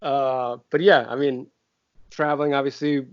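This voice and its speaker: A man's voice: mid-range voice, little pitch movement, moderate pace, no echo, highs cut off. A man co-hosting a podcast, rambling through a casual chat with many fillers. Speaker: podcast co-host.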